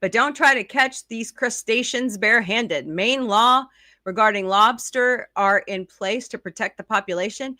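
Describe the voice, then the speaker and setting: Bright-voiced woman host, chatty and dry. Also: fairly high pitch, dry recording. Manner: chatty, reads articles aloud with quick asides and laughs. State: sleepy, yawning. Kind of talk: casual chat reading news aloud.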